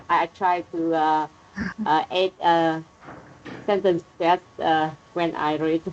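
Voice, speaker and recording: A woman learning English, reading a dialogue aloud slowly and hesitantly. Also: low voice, a little mellow, muffled recording, a little hiss or hum. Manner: slow, careful, hesitant reading.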